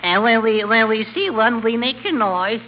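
A sly, wisecracking boy dummy, as a man puts him on, jumps high and lively as he teases. The voice sits well above an ordinary man's. It comes through a muffled, hissy old radio broadcast. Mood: teasing. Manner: sly, teasing, quick comebacks.

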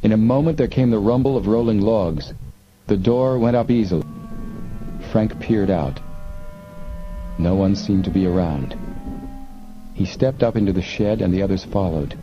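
A man reading an adventure novel aloud in measured, suspenseful narration. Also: lowish voice, music in the background. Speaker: audiobook narrator. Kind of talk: scripted narration. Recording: muffled lo-fi with faint hiss.

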